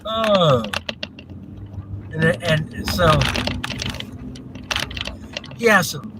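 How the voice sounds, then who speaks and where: A man's voice: high-pitched, animated, extremely slow. A man hosting a live driving vlog, rambling and chuckling as he thinks aloud from inside a moving car. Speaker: vlog host. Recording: road noise from a car.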